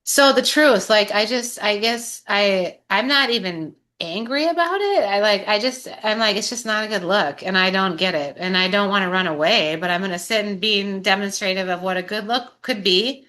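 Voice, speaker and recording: A woman's voice: mid-range voice, normal speed, hardly any pauses, bright, forceful tone. A woman talking in a casual recovery group chat, impassioned and rambling, swearing and laughing as she goes, her voice a little strained. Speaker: sober group member.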